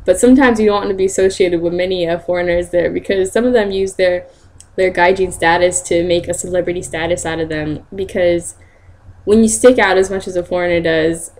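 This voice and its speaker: A young woman telling stories in a casual vlog, chatty and quick to laugh, acting out other people's lines in a higher voice. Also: fairly even intonation, a little mellow. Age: young adult. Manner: chatty, laughs often, acts out quotes in high voices. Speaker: vlogger.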